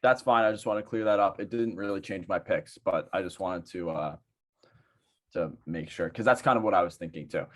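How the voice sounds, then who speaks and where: A man's voice: sits low, fairly quick. A young man co-hosting a podcast, casually thinking aloud and asking questions with lots of hesitation. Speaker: podcast co-host.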